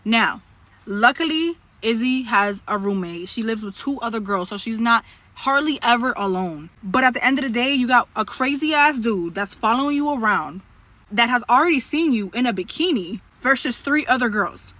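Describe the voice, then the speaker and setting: A woman telling a story to camera in a blunt, profane, animated way. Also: fairly high pitch, normal speed.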